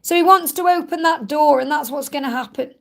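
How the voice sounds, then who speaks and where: A woman's voice: sits high, brisk, vocal fry. A woman giving reassuring psychic card readings on a live-stream Q&A, speaking in a soothing, repetitive way. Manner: soothing, reassuring, repeats herself. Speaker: psychic reader.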